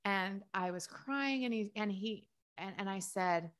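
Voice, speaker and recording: A woman's voice: mid-range voice, a little slow. A middle-aged woman speaking candidly and tenderly in a personal conversation, sometimes laughing through sad memories. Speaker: guest.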